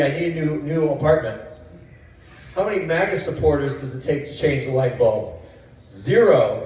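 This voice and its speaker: Halting man telling jokes in an echoey room. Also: on the high side, a little mellow. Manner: halting, many uhs and restarts. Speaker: stand-up comedian. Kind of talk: open-mic joke telling. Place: coffee shop. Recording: echoey room, mic far off.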